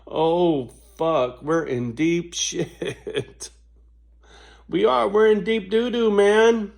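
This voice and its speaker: A male vlogger talks in a slow, drawn-out rant full of swearing. His voice jumps up high when he gets worked up, and he chuckles between his points. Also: steady tone, gravelly, darkish tone. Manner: profane, swears constantly, laughs between points; slow, drawn-out delivery with big pitch swings. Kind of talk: casual ranting monologue.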